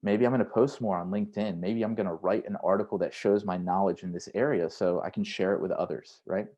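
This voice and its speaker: Lowish-voiced male career coach. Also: fairly even intonation, fast, mellow. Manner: conversational, frequent "right?" tags; acts out inner voices in quotes. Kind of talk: online workshop talk.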